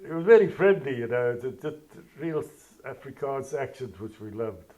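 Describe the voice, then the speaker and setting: A man's voice: medium pitch, animated, normal speed, warm tone, muffled recording. An older man from South Africa telling his life story in an oral history interview, plainspoken and digressive.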